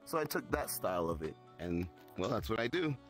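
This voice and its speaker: A man's voice: on the low side, big pitch swings, a little fast, soft background music. A man from the Southern US who works as a club announcer, telling stories in casual chat. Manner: storytelling, acts out quotes with shifts in voice.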